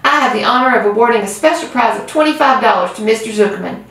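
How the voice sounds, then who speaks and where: A woman's voice: on the high side, expressive, fast talker, a bit bright. A woman reading aloud voices a grand, formal male fair announcer making a pompous speech. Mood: grandiose. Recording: roomy, far from mic.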